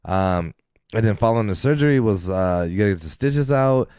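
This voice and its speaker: This podcast co-host's voice sits fairly low and moves fairly quickly, with a clean tone and studio-quality sound that carries no room noise. Chatting casually, he spins lively stories, laughing a lot and cursing without restraint.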